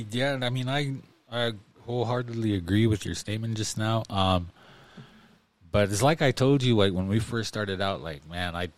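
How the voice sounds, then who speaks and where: A man with a fairly low voice chats casually as a podcast co-host. He wanders through his thoughts with plenty of fillers but stays earnest and encouraging. The sound is dry, with no room around him. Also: moderate pace, no echo. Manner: rambling, heavy on fillers like "like, man".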